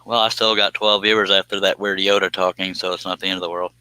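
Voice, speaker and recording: A man's voice: deep voice, little pitch movement, fast talker, pushed and bright, smooth, dry recording, poor audio. Folksy, chuckling man streamer. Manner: folksy, self-amused, chuckles often. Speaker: live-stream host. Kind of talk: casual live-stream chat.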